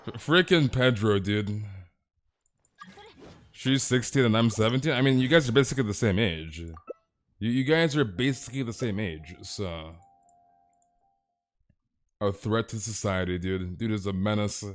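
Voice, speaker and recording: A man's voice: moderate pace, pauses often. A man streaming a game, chatting casually and rambling with repeated words. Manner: rambling, repetitive, trails off low.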